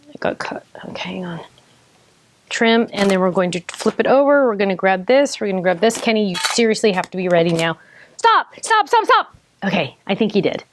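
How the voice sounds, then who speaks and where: A woman hosting a card-making tutorial, chatting excitedly as she works and bantering with someone off camera. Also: medium pitch, no room sound. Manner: thinks aloud with small self-corrections. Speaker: craft tutorial host. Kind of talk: casual crafting demo, narrating each step.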